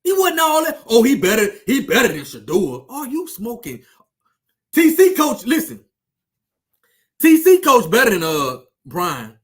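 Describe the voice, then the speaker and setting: His very high-pitched voice swoops wildly in pitch while he speaks a little slowly. The man, a sports commentator running his own channel, rants heatedly and profanely at his viewers, taunting and repeating himself for emphasis.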